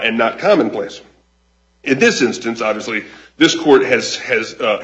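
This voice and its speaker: Measured man arguing in court, dull audio. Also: medium pitch, a bit bright. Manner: measured, formal, with frequent restarts. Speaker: attorney arguing an appeal. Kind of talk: courtroom oral argument.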